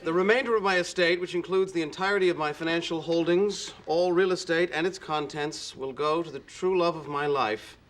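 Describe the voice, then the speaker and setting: A man's voice: a little high, fairly even intonation, a bit bright, lightly acted. A man as a formal will reader. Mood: solemn. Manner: formal, deliberate reading. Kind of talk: sitcom acting. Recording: noisy studio audience laughter.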